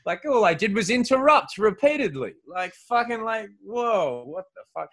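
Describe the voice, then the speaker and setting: A man's voice: high-pitched, sing-song, moderate pace, fairly bright tone. Profane rambling Aussie man. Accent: Australian. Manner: profane, rambling, laughing storyteller. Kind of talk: casual crude banter.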